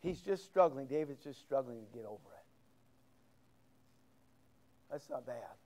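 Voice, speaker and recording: A man's voice: mid-range voice, animated, unhurried, a little mellow. A middle-aged man pastor preaching a sermon, quoting scripture with big swings of emphasis.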